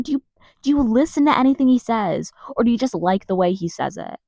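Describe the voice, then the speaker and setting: A woman's voice: a little high, animated, a little fast, vocal fry, darkish tone, dry recording. A woman ranting to camera in a heated, sarcastic way, swearing often. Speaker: vlogger. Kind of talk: profane political rant to camera.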